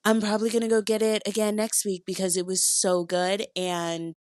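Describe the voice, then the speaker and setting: A woman's voice: normal speed, no room sound, studio quality. Chatty, playful woman podcast host. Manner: chatty and playful, with lively pitch jumps. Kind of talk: casual podcast monologue. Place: hotel bedroom, in bed.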